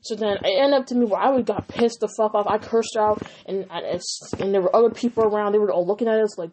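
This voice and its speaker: Young woman, casual storytime vlog, heated profane retelling, medium-pitched voice. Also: quick pace, few pauses, a little mellow, a little hiss or hum. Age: young adult. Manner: heated, profane, emphatic retelling with quoted dialogue.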